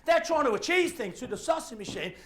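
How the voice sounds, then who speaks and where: A middle-aged man, giving a live motivational talk and telling stories with acted-out voices and shouts. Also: extremely high pitch, sing-song, brisk. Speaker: motivational speaker.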